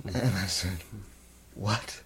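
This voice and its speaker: An older man telling a personal story in a candid, rambling way, at times sinking to a soft near-whisper. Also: deep voice, extremely slow, slight background noise. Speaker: interviewee.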